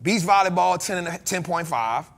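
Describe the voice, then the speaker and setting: An American man hosting a casual chat, joking and breaking into loud exclamations. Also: sits high, lively intonation, normal speed, creaky. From United States. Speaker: podcast host.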